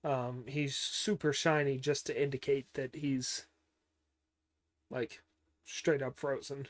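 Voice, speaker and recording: A man giving a casual, unhurried recap of a cartoon episode, with many pauses and fillers and dry joking asides. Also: medium pitch, level tone. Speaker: show recapper.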